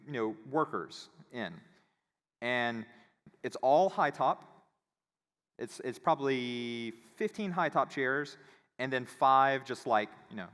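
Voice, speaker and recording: A man giving a conference talk, telling a casual, animated story and acting out the voices of the people in it. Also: medium pitch. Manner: animated, acts out quoted voices. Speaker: conference speaker. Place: conference hall. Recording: reverberant hall.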